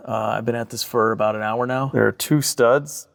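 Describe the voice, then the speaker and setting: A young man filming a casual vlog in his garage workshop, chatting excitedly and joking while he works on a car with his tools. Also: medium pitch, moderate pace, creaky. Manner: chatty, excitable, jokey asides while working. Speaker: car restoration YouTuber.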